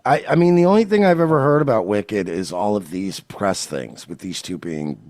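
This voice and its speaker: Low voiced guy on a podcast, sarcastic crude jokes, lively ups and downs. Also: normal speed, no room sound. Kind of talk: casual comedic banter.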